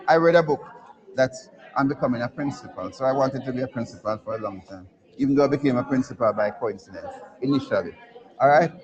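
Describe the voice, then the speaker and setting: A middle-aged Jamaican school principal talking casually to students at a career day, telling jokey stories and often asking "right?". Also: male voice, medium pitch, a little mellow. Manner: storytelling, jokey, asks the crowd "right?". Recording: muffled recording with a crowd around.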